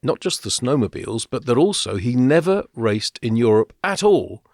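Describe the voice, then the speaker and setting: A man's voice: medium pitch, big pitch swings, moderate pace, darkish tone, dry recording, studio quality. Chatty man on a podcast. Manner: chatty, storytelling, with fillers and laughs. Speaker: podcast co-host. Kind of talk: casual podcast chat.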